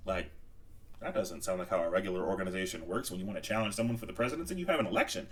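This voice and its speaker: A fast-talking man with a mid-range voice, sitting far from the mic, co-hosts a casual movie review podcast. He's an animated storyteller who acts out quotes and laughs a lot.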